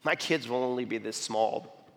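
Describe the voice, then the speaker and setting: Animated man speaking in an echoing hall. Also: mid-range voice, normal speed, a little hiss or hum. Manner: animated, repeats "okay?" and "I mean", frequent restarts. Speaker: speaker giving a talk. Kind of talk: sermon-style talk with personal stories.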